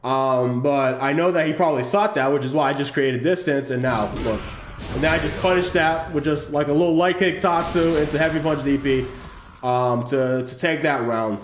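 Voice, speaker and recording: A man giving casual commentary over footage of his own fighting-game match, explaining his choices in a halting way with frequent restarts. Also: a little high, roomy sound, slight background noise. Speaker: channel host analyzing his own match.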